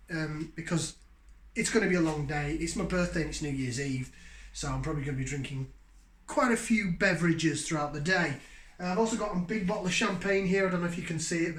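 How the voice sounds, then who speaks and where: A man's voice: on the high side, fairly quick, a bit bright. A man, hosting a casual beer review in a rambling, self-deprecating way. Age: 40s. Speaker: beer reviewer, channel host. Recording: echoey room.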